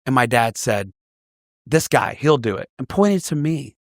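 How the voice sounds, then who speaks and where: A man appearing as a podcast guest tells a story in casual chat, animatedly acting out the voices of the people he quotes. His voice is mid-range and a little slow, recorded in studio quality with no echo.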